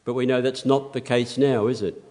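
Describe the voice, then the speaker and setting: An older man delivers a sermon in an earnest, measured voice. His pitch sits in an ordinary middle range, and he pushes up sharply on the words he wants to land. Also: fairly even intonation, warm tone. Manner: earnest, measured preaching with emphatic rises. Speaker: preacher.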